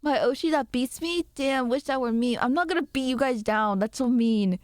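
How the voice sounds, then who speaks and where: Giggly young woman streamer, high clear voice. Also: normal speed, no echo, clean studio sound. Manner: giggly, rambling, self-deprecating. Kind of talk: casual chat with viewers.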